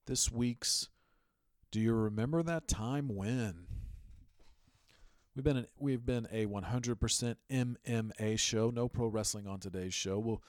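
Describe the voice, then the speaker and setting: A man's voice: fairly low pitch, no echo, clean studio sound. A man hosting a sports podcast, giving casual, emphatic commentary and telling stories with energy. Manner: animated, emphatic storytelling. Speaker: podcast host.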